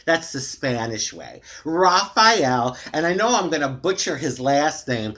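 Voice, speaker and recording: A woman's voice: deep voice, sing-song, measured pace, few pauses, a bit bright. American woman rambling to her tablet cam at home, candid, lots of "you know"s. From United States. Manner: chatty, candid and frustrated, rambling with many fillers. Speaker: vlogger. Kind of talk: casual talk to camera. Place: dimly lit room at home. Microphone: tablet camera microphone.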